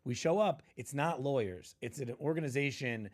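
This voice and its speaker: A male comedian guest, telling stand-up stories in a punchy, animated way and acting out the people in them. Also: moderate pace. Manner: punchy storyteller, acts out quotes with big jumps in pitch. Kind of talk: animated storytelling chat.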